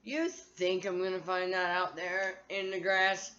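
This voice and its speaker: A woman's voice: on the low side, little pitch movement, measured pace, fairly bright tone, lo-fi sound. A woman vlogger talking to her phone in a candid, profane, rambling monologue.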